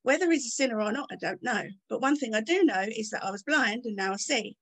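A woman's voice: on the high side, animated, fast talker, fairly bright tone, breathy edge, full character voice. A woman reading aloud as a formerly blind man who answers boldly and with emphasis. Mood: defiant.

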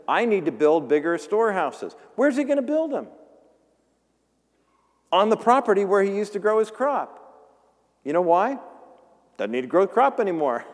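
A man preaching a sermon as pastor, animated, acting out the voices of the people in his story. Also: fairly high pitch, big-room sound. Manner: animated, acts out voices of characters. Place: church sanctuary.

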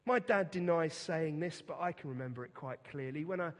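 A middle-aged man preaching a sermon as pastor, earnest and emphatic, with a deliberate delivery and repeated words for stress. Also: fairly high pitch. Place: church. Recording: reverberant church hall.

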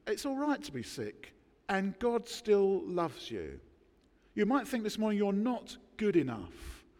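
A man preaching a sermon, emphatic, with dramatic pauses between words. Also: on the high side, a little mellow, long reverb tail. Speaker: pastor. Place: church.

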